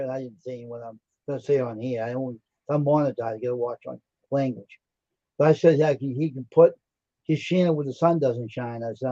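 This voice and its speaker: A man's voice: medium pitch, moderate pace, warm tone, no room sound. A man hosting a livestream, joking around and telling blunt stories in casual chat. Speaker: livestream host. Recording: dull dry lo-fi stream audio.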